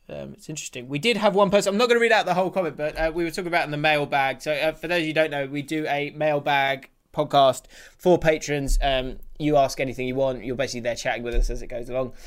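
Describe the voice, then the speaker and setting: A man's voice: a little high, fast talker, few pauses, a bit bright. A man co-hosting a football podcast, chatting casually and laughing as he reads listener messages aloud. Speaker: podcast co-host. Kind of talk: casual chat.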